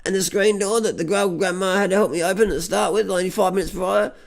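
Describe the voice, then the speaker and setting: Australian man, comic vlogger, rambling monologue, repeats words, swears, raspy fry. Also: high-pitched, quick pace. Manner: stammering repetitions, heavy swearing, deadpan bragging.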